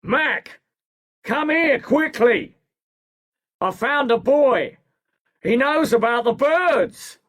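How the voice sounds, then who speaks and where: A man voicing a shouting, angry smuggler. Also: very high-pitched, lively intonation, drawn-out words, long pauses, pitched above the performer's own voice, full character voice. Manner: shouting, barking orders. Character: angry burly male smuggler. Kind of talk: storybook reading for learners.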